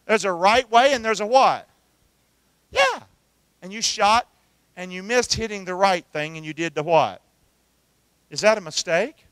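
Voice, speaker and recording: A man's voice: high voice, fairly bright tone, no room sound. A middle-aged man, preaching a sermon and calling out questions for the congregation to answer back. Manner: call-and-response preaching, asks the congregation to answer. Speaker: pastor.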